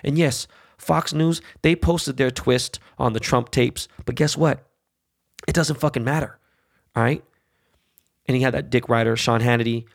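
A man rants on his podcast in an angry, blunt monologue, swearing constantly and checking in with "right?" and "okay?". His voice sits in a middle pitch with a rough, gravelly fry running through it. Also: steady tone, moderate pace, pauses often. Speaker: podcast host. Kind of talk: profane political rant.

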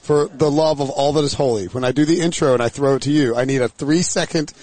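A man hosting a casual sports podcast outdoors, energetic and joking with quick asides. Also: mid-range voice. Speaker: podcast host. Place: outdoors near a stadium set.

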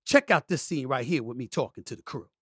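A man's voice: mid-range voice, animated, fast talker, fairly bright tone, breathy edge, dry recording, clean studio sound. A man hosting his own sports talk show, talking in a boisterous, emphatic way and repeating phrases for effect. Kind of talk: solo talk show monologue.

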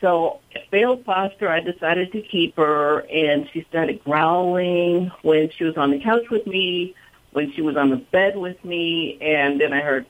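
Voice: mid-range voice, measured pace. A caller on a radio phone-in, telling a rambling, worried story about a pet. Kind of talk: phone-in call. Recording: tinny phone line.

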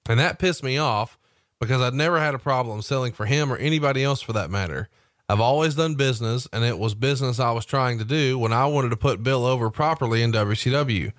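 A man's voice: medium pitch, no echo. Wry man reading aloud, dry close mic. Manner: steady read-aloud delivery with wry asides. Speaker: podcast host. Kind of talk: reading a memoir aloud and asking questions.

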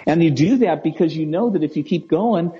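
A man speaking as a guest in a conversational interview. He talks gently, restarts his words and often checks in with "right?" and "you know?". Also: on the high side, expressive, fairly quick. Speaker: guest speaker on emotional wellbeing. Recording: dull lo-fi audio.

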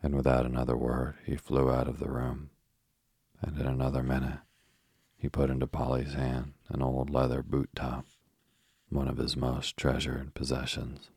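A man narrating a bedtime story in a calm, unhurried way. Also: rumbling low, creaky, breathy edge, no room sound, clean studio sound.

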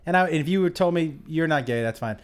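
A comedian co-hosting a podcast, talking in a loose, profane, jokey way. His voice sits a little high for a man and swings all over, lively and expressive. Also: clear, resonant tone. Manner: animated, swearing, quick to laugh. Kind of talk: casual comedy podcast chat.

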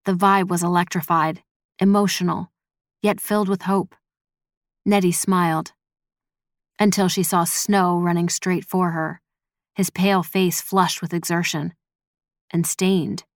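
Dry, measured woman narrator. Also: fairly low pitch, dry recording. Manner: measured, expressive storytelling. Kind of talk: scripted audio drama narration.

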